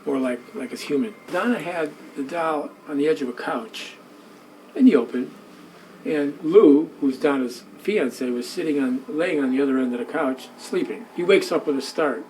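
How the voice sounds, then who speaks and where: Animated male storyteller in a museum. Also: on the high side, normal speed, a little hiss or hum, low-quality recording. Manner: animated, acts out quoted voices, repeats himself. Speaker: museum guide telling a story. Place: indoor museum room.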